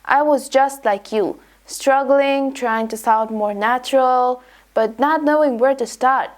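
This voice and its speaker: Woman, accent coach, scripted lesson, fairly high voice, upbeat delivery. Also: unhurried.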